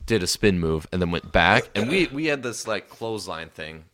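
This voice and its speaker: A man's voice: low-pitched, expressive, moderate pace, a bit bright. A young man hosting a podcast, telling stories in casual chat and laughing often. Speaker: podcast host.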